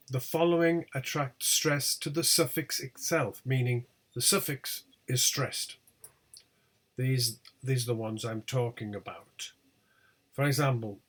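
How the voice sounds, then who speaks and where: A man teaching a lecture on English word stress, speaking slowly and deliberately and over-stressing each example word. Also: medium pitch, fairly bright tone, breathy edge. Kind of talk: lecture on pronunciation.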